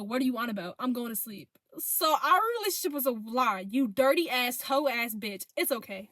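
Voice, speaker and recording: A young woman tells a storytime about her ex with plenty of swearing and lively retelling. Her voice sits fairly high. The sound is dry and close. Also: no echo. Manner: profane, animated retelling of texts. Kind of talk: casual storytime vlog.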